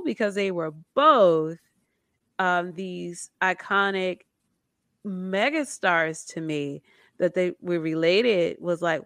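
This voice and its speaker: A woman with a fairly low voice talks through a documentary with her co-host in a loose, chatty way. She acts out quotes with lively jumps in tone. The sound is dry and close. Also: takes it slowly, dry recording. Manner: animated storytelling with acted-out quotes. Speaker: podcast co-host. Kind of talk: casual chat about a documentary.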